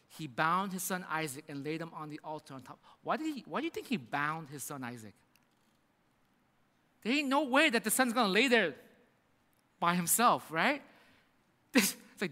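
A man preaching a sermon as a pastor, telling the story with animated acting-out of the characters. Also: high voice. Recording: reverberant hall.

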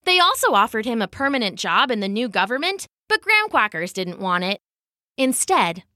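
A woman narrating a children's story as a podcast host, with expressive, animated delivery. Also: fairly high pitch, no room sound, studio quality.

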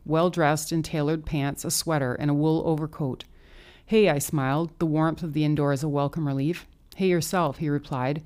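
Low-voiced woman narrating intimately. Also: a little mellow. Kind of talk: first-person audiobook narration.

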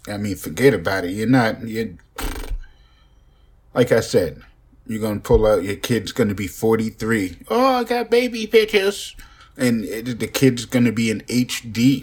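A man's voice: on the low side, a little mellow, husky. A young man rambling profanely and joking in a casual podcast monologue, recorded on a phone. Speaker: podcast host.

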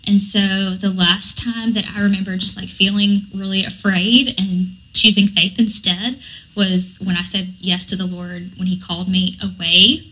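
A woman's voice: medium pitch, normal speed, low-quality recording. A woman with a Southern American accent, a guest dietitian speaking earnestly in a casual interview, with lots of fillers. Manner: earnest, animated storytelling with many fillers. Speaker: guest, dietitian and recovery coach.

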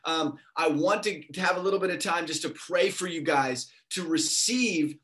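A man's voice: fairly high pitch, moderate pace. A young man preaching a sermon, telling a story with energy and acting out the quoted voices. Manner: animated, acts out quoted voices.

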